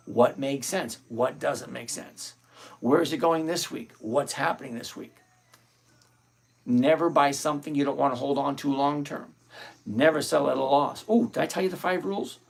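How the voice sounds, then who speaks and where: Greeting viewers by name, a middle-aged man runs a live trading stream and bluntly talks through his thoughts. His voice is on the high side and creaky.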